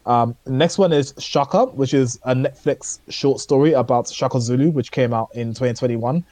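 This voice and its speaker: A man's voice: mid-range voice, moderate pace, dark tone, dry recording. A man co-hosting a podcast, chatting casually about shows he watched, rambling and hesitant with many fillers. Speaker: podcast co-host. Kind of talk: casual chat reviewing shows.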